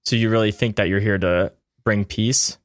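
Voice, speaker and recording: A man voicing a world-weary, condescending former comrade in a tabletop game, speaking in a measured way. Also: lowish voice, fairly even intonation, no room sound, studio quality, close to an everyday voice. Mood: exasperated.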